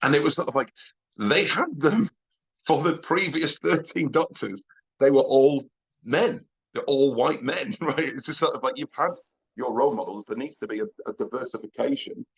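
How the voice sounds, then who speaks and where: Husky Northern English man telling stories. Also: mid-range voice, a bit bright, dull audio. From England. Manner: anecdotal, laughs between points, frequent restarts; swearing, blunt. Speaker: comedian, podcast guest. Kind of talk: casual interview storytelling.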